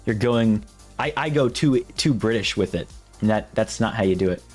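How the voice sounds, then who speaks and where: A man's voice: fairly low pitch, moderate pace, soft background music. A man chatting casually on a live stream, rambling and restarting his sentences. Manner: rambling and self-interrupting, breaking off to test impressions.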